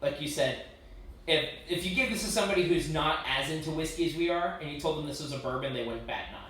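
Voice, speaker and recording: A man's voice: fairly high pitch, fast talker, fairly bright tone, distant mic. A man co-hosting a casual whiskey tasting, opinionated, often restarting his sentences. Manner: opinionated, restarts phrases, prefers bourbon. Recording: very echoey room, a bit off-mic.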